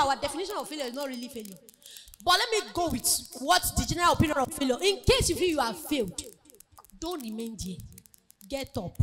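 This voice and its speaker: Her high-pitched voice is expressive and brisk as she gives an emphatic, motivational sermon to a women's conference. Along the way she acts out the quoted voices of people from her stories.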